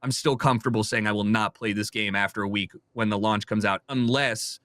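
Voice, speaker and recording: A man's voice: on the low side, steady tone, a little fast, a bit bright, dry recording. A young adult man, a streamer, talking candidly and opinionatedly in a casual podcast chat. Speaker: streamer guest.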